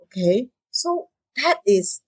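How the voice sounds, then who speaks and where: A woman's voice: on the high side, big pitch swings, takes it slowly, slightly rough, no room sound, poor audio. A woman hosting a podcast interview, speaking in a hesitant way and often repeating words as she goes. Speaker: podcast host. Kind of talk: casual interview chat.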